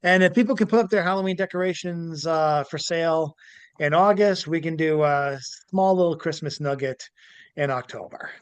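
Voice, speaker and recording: A man hosting a casual podcast, animated, laughing easily and stumbling over words as he chats and reads aloud. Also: a little high, moderate pace, smooth, no room sound. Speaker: podcast host. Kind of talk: casual chat and reading aloud.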